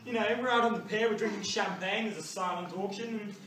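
A woman's voice: mid-range voice, fairly even intonation, fast talker, noisy background, lightly acted. A teenage girl playing a stingy, snide rich husband who blusters and stammers excuses in a school drama sketch. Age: teens. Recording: echoey room, far from mic.

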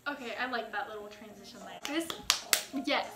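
A woman hosting a music reaction vlog, talking in an excitable, gushing way. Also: mid-range voice, a little fast. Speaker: vlogger. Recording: echoey room.

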